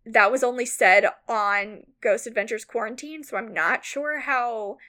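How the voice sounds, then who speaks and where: A woman co-hosting a podcast, casually retelling a story with lots of "like" fillers, rambling and animated. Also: fairly high pitch, measured pace. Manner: animated, mock-outraged retelling. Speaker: podcast co-host.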